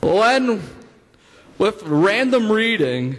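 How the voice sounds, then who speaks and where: A man's voice: high-pitched, expressive, a little slow, a bit bright. A young man doing a stand-up comedy set on a stage, rambling through his jokes with many fillers and laughing at his own lines. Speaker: stand-up comic. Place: stage in a hall. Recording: long hall reverb.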